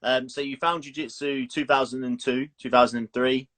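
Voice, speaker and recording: A man's voice: mid-range voice, steady tone, normal speed, fairly bright tone. A man hosting a casual live-stream interview, asking loose, rambling questions. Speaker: podcast host.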